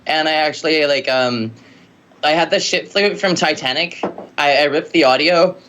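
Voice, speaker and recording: A woman musician telling stories in a casual interview, rambling and lively with lots of filler words. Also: deep voice, moderate pace, slight background noise. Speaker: musician guest.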